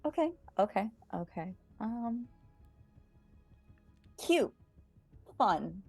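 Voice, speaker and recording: A woman's voice: medium pitch, big pitch swings, extremely slow, gravelly, darkish tone, husky, no room sound, faint music behind. A woman player in a tabletop game, wry and hesitant. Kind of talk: tabletop game role-play.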